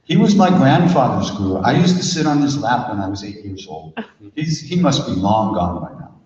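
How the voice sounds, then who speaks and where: A man's voice: mid-range voice, sing-song, normal speed, a little mellow, natural voice. A man voicing a very old, toothless woman who keeps asking in disbelief, heard from far off in an echoey hall. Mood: dismissive. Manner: disbelieving, repeats questions. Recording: echoey hall, distant dull mic.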